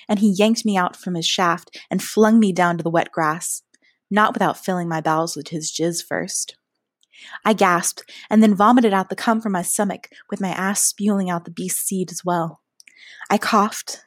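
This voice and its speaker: A woman narrates a first-person story in a soft, hushed voice of middle pitch, sometimes slipping into a breathy whisper. The sound is close and dry, with no echo around it. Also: steady tone, normal speed.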